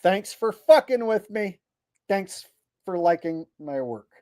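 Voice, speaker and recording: A man's voice: sits high, animated, takes it slowly, warm tone, no room sound. A man hosting a livestream, reading viewer messages aloud and ranting in a blunt, profane way. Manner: blunt and profane, exasperated rants; reads viewer messages aloud in mock voices. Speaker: livestream host reading viewer super chats. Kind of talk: casual livestream chat.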